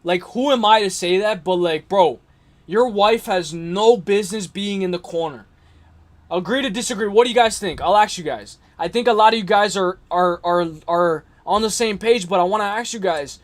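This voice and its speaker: A man's voice: high-pitched, normal speed. A man hosting a casual fight-talk livestream, rambling and slangy, repeating himself and talking straight to his viewers. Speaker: MMA livestream host.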